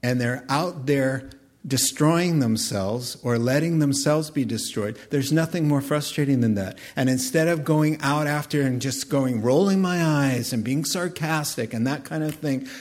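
A man's voice: mid-range voice, measured pace, darkish tone. A man preaching a sermon as pastor, retelling scripture vividly and acting out the scenes.

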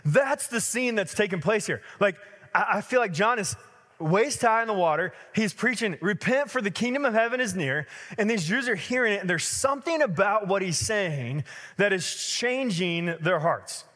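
A man in his thirties preaching a sermon as a pastor, telling stories in a lively conversational way with many fillers. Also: sits high, normal speed, big-room sound.

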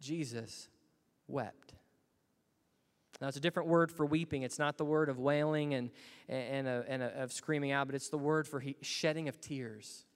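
A man's voice: medium pitch, steady tone, a little fast, clean tone. Earnest man preaching in a reverberant hall. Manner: earnest, rising to emphatic bursts. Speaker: pastor. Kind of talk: sermon.

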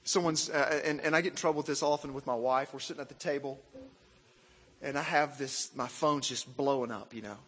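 A man from Arkansas, preaching a sermon in an animated, self-mocking way and asking the crowd questions. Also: medium pitch, fairly quick, breathy edge, long reverb tail. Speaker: pastor.

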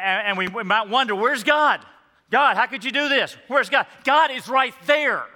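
A male pastor delivers a sermon with a piercing, very bright tone that sits high for a man. He stresses his main points by saying them again and again. His voice rings out with the long reverb of a church hall. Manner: emphatic, repeats key points. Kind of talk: scripture reading and sermon. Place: church sanctuary.

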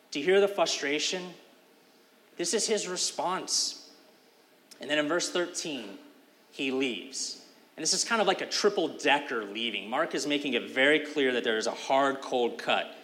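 Man, pastor, conversational sermon, casual fillers, medium pitch, long hall reverb. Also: a bit bright.

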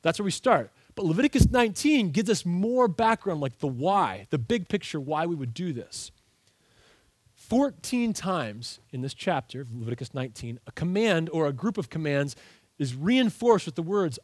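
A man preaching a sermon, reading scripture and explaining it with earnest emphasis. His voice sits a little high for a man. The sound is dry and close. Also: big pitch swings, moderate pace, dry recording. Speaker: pastor.

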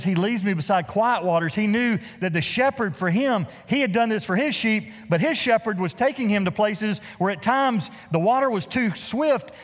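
A high-pitched male voice fills a large church hall as the pastor preaches. He tells his stories animatedly, with humorous asides.

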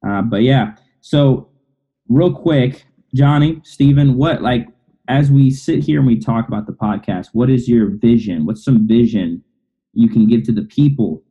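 A man hosting a casual podcast who talks in a relaxed, conversational way. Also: medium pitch, a little slow, husky. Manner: relaxed, conversational host talk. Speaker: podcast host. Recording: dull lo-fi audio.

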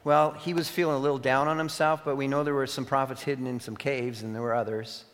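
A man preaching a sermon, reading scripture aloud with sudden loud emphatic peaks and quieter asides. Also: medium pitch, steady tone, quick pace. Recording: long reverb of a hall.

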